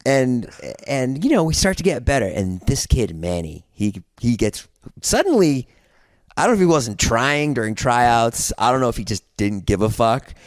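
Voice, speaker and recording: A man's voice: medium pitch, very animated, normal speed, no room sound, studio quality. A young man on a podcast telling a long story in casual chat, rambling with lots of fillers and restarts. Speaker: podcast guest.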